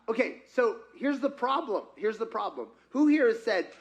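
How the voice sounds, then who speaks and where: A man's voice: very high voice, moderate pace, few pauses. A man preaching a conversational sermon as pastor, often putting questions to the congregation. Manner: asks the congregation frequent questions; conversational and animated. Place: church sanctuary.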